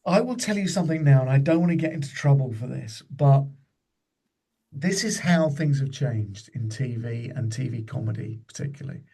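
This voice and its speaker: A man's voice: mid-range voice, animated, normal speed, vocal fry, warm tone, slightly rough. A man in his fifties, a comedian guest on a podcast, telling chatty anecdotes and slipping into the voices of people he quotes. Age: 50s.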